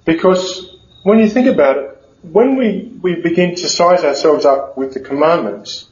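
A male Catholic priest with a somewhat high voice tells stories in a relaxed, conversational sermon, stopping and restarting as he goes. His voice rings in an echoey room. The recording is dull and muffled. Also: moderate pace, slight background noise. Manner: conversational, with frequent fillers and restarts. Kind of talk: storytelling sermon.

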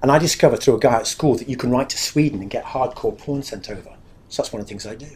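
A man's voice: medium pitch, fast talker, darkish tone. Earnest man giving testimony. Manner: earnest, confessional, acts out dialogue. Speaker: speaker giving personal testimony. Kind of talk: candid spoken testimony.

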